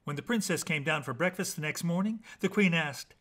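A man reading children's bedtime stories aloud in an animated, playful way with dramatic pauses. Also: fairly high pitch. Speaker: storyteller.

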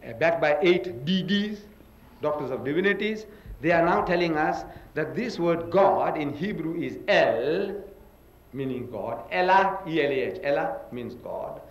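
With a slightly high voice, lively intonation and a measured pace, a man from India raised in South Africa gives an emphatic lecture in a public religious debate. He spells words out one letter at a time. The recording carries a roomy hall echo.

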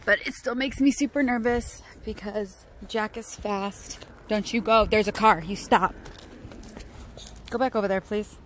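Chatty mom vlogging outdoors. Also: female voice, mid-range voice, measured pace, a little hiss or hum. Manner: chatty, scolding then coaxing her toddler. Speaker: vlogger and mother. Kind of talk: casual family vlog. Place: outdoors by a street.

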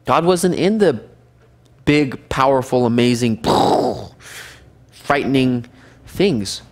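A man's voice: mid-range voice, drawn-out words. A man teaching a Bible study class, reading scripture aloud and explaining it in a conversational way, asking the class questions.

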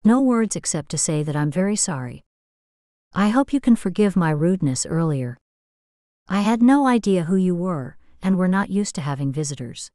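A strict Amish uncle talks in a firm, controlled tone, keeping his temper in check. His voice sits low and sounds dry and close, as a woman narrator reads him. It comes from a storybook read aloud. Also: animated, moderate pace, dark tone, dry recording, lightly acted.

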